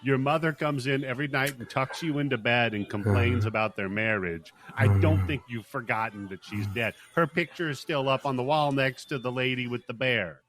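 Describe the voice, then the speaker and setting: A man hosting a podcast, chatting casually and telling deadpan stories with plenty of swearing. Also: medium pitch, normal speed, few pauses, a little hiss or hum. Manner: profane, deadpan storytelling. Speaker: podcast host. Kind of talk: casual chat.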